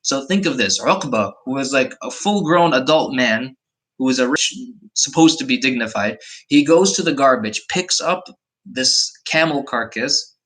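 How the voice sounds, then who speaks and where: A man's voice: mid-range voice, a bit bright, poor audio. Man vividly telling a religious story. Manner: vivid storytelling, addresses chat viewers. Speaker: mosque teacher. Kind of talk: live-streamed Islamic story lesson.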